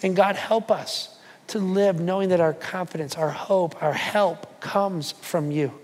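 A man preaching a sermon to a church, emphatic and repetitive, sinking into soft prayer. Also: sits high, unhurried, in a large hall. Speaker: pastor. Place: church hall.

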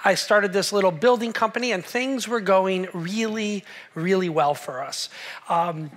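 A pastor in his forties preaches to the congregation in a church hall, sharing a personal story with humor. His voice is high-pitched and a bit bright, and he speaks a little slowly.

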